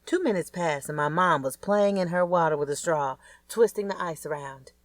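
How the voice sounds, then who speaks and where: A woman's voice: on the low side, moderate pace, no echo. A woman reading a first-person audiobook in a plain, conversational way. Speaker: audiobook narrator.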